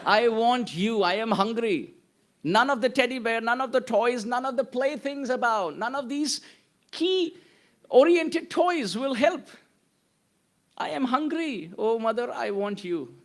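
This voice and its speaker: A man's voice: very high-pitched, animated, a little slow, exaggerated voice. A man voicing a hungry, pleading child. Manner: pleading, insistent.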